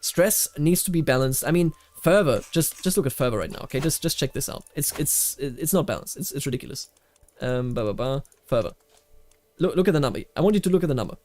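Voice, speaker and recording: A man's voice: mid-range voice, expressive, fast talker, a little mellow, faint music behind. A man from Bavaria giving casual commentary while playing a strategy game, rambling with many fillers and restarts. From Bavaria, Germany.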